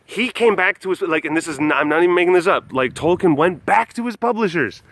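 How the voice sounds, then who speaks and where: Bubbly young man rambling with lively pitch. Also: fast, no room sound. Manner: chatty, full of likes and restarts, laughing often. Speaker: vlogger at a wild animal facility. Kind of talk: casual rambling storytelling. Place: wild animal facility.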